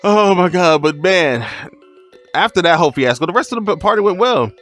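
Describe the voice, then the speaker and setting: A man telling a funny storytime as a streamer, animated, laughing and exclaiming as he goes. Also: a little high, fairly quick, soft background music. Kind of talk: storytime vlog.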